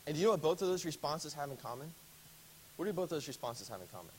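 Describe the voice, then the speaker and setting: A man's voice: fairly high pitch, very animated, quick pace, slight background noise, low-quality recording. A man teaching a Bible study class in a casual, conversational way, often asking the group questions.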